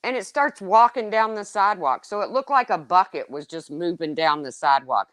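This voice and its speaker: Lively woman telling stories. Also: fairly quick, dry recording. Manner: lively, swearing, jumps between high exclaims and low asides. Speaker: storyteller. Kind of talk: casual chat.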